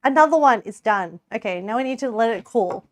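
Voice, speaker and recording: A woman's voice: a little high, animated, a little fast, slight background noise. A young Australian woman chatting casually while baking on a stream, giggling often and rambling with lots of restarts.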